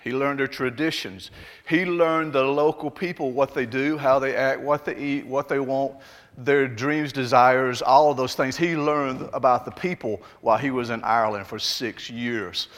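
A pastor with a Southern Alabama accent delivers a sermon in an easygoing, conversational way, turning to chat with his congregation. His voice sits at an ordinary pitch for a man. It rings out with a long reverb, as in a large church hall. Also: steady tone, normal speed, a bit bright. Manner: conversational, folksy asides to the congregation.

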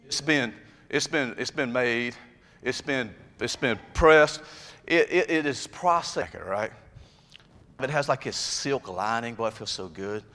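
A man preaching a sermon to his congregation, chatty and folksy, building up to loud emphatic stretches. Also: mid-range voice, measured pace. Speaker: pastor. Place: church sanctuary. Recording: long reverb of a church hall.

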